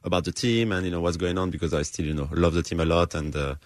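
A man with a French accent, a former soccer player and team ambassador, answering questions haltingly with many fillers. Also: low-pitched, steady tone, no echo. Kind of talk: casual radio interview.

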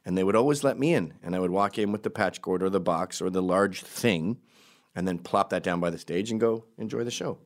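A middle-aged man from Canada telling an animated story, jumping into high put-on voices and laughing mid-sentence. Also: a little fast. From Canada, raised in Quebec. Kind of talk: storytelling monologue.

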